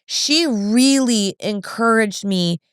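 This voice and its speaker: With a fairly high pitch and a slow pace, a pregnant podcast host in her thirties chats earnestly and casually, using lots of fillers. Her tone is clean, and the studio-quality audio has no room sound.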